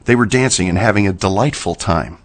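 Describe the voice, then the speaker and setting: A man reading a horror story aloud in a slow, measured storytelling manner. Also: low-pitched. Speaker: narrator. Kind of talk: scripted horror narration.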